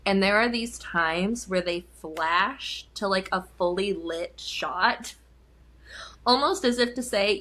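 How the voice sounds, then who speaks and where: Bright-toned young woman co-host, giggly and chatty, casual movie talk. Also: mid-range voice, slow pace. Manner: giggly, chatty, lots of laughing. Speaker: podcast co-host. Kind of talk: casual film chat.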